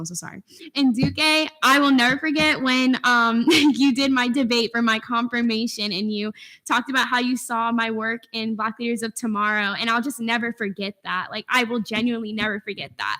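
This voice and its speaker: A woman's voice: on the high side, sharp tone. A young woman student senator giving emotional, rambling thank-yous at a meeting, tearing up as she speaks. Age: young adult. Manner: tearful, effusive, rambling with restarts. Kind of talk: emotional farewell remarks at a meeting. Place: meeting room.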